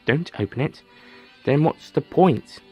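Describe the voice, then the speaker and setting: A man's voice: on the high side, lively intonation, a little slow, mellow, breathy edge, lo-fi sound, soft background music, voice pushed up. A man voicing a young woman who is a flustered late Christmas shopper, talking hesitantly and sounding puzzled.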